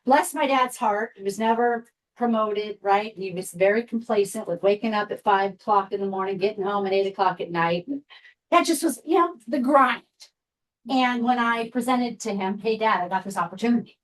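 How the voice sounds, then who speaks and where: A woman's voice: medium pitch, moderate pace, low-quality recording. A woman in her fifties from Seattle, telling a candid personal story to a group as guest speaker, with frequent asides. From Seattle, USA. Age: 50s.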